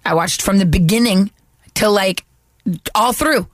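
A woman from the northeastern United States on a casual panel, animated and emphatic. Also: medium pitch, unhurried, no echo, clean studio sound. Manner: animated, emphatic, laughs often. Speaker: panel guest.

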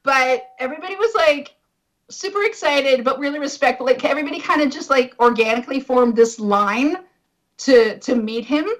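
A woman co-hosting a podcast, telling a story in an excited, emotional way, full of filler words and close to tears. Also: high voice, moderate pace, poor audio. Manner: excited, gushing, heavy use of fillers like "like". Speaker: podcast co-host. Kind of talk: casual storytelling.

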